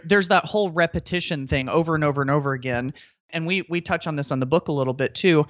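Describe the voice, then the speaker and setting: A man's voice: a little high, fairly bright tone, dry recording. A man who is an educator and author, talking earnestly in a podcast interview and explaining his ideas at length. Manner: earnest, explanatory, repeats words when thinking. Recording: dry, slightly dull sound.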